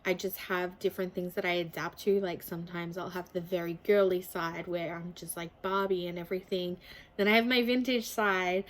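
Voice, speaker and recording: A woman's voice: on the low side, fairly even intonation, a little fast, slight background noise, rough recording. A young adult woman speaking candidly and openly to camera in a personal confessional vlog. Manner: candid, open, speaks from feeling. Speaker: vlogger.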